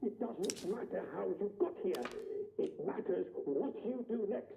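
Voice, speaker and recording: An actor playing a wounded, urgent scientist in a video game, gravelly and pleading. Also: male voice, high voice, lively intonation, measured pace, warm tone, a little hiss or hum, full character voice. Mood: solemn. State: injured, in pain.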